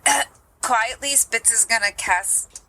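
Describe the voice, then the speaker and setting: Unhurried woman player in a tabletop game, bright tone, hesitant delivery. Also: fairly high pitch, slight background noise, low-quality recording. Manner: hesitant, with fillers. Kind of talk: casual tabletop play.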